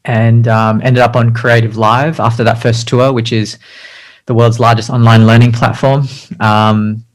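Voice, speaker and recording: A man's voice: medium pitch, flat delivery, a little slow, rough recording. A man, a designer, telling his career story as an interview guest in a chatty, self-deprecating way, with lots of ums and restarts. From Australia.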